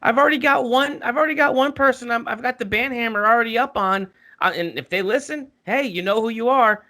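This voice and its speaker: A man's voice: extremely high pitch, fairly quick, bright, forceful tone. A man co-hosting a casual podcast, ranting and swearing as he tells a story. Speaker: podcast co-host.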